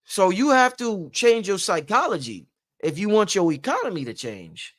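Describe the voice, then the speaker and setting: Man, slightly high voice, livestream host, rambling, preachy, repetitive, casual motivational talk. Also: sing-song, moderate pace, fairly bright tone. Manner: rambling, preachy, repeats his points.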